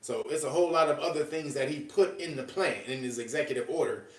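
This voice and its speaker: A man hosting a podcast in casual commentary, animated and slangy, laughing often. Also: on the high side, quick pace. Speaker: podcast host. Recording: echoey room, distant from mic.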